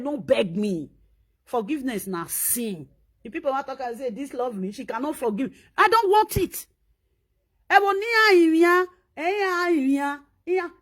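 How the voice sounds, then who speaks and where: A Nigerian woman speaking in an animated, scolding monologue and repeating herself for emphasis. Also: sits high. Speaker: social media commentator. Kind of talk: casual monologue in Pidgin.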